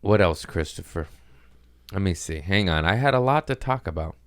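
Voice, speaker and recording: A man hosting a podcast in a casual rambling monologue, profane and self-mocking, drifting between quick asides and mumbled lines. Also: deep voice, expressive, dry recording, clean studio sound. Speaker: podcast host.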